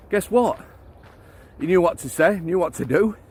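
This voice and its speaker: A man's voice: sits high, lively intonation, moderate pace, long pauses, a little mellow, breathy edge. A middle-aged man, a former prison officer giving a blunt, ranting vlog while out walking his dog. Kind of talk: outdoor walking vlog rant.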